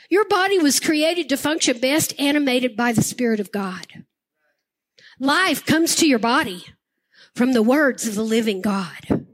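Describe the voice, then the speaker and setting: An older woman pastor preaching a sermon with impassioned, emphatic repetition. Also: high voice.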